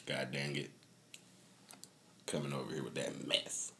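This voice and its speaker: A man's voice: a bass voice, level tone, measured pace, creaky, a bit bright. A man hosting a podcast in casual chat, a loose, profane storyteller who laughs often. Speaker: podcast host.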